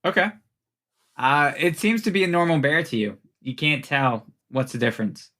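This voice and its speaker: A man's voice: a little high, lively intonation, normal speed, sharp tone. A young man narrating as game master in a casual, laughing way, with many fillers.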